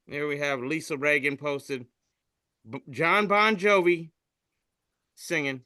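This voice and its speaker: Casual podcast guy reading memes out loud, cussing a lot, bright tense voice, high. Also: unhurried, long pauses, clean tone, dry recording. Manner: reads memes aloud with voiced quotes, swears freely. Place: studio.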